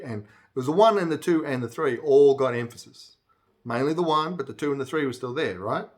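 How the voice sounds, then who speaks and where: Relaxed man counting out beats. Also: mid-range voice, fairly quick. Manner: rambling, with restarts and fillers. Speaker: songwriter teaching music theory. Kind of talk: casual music theory lesson.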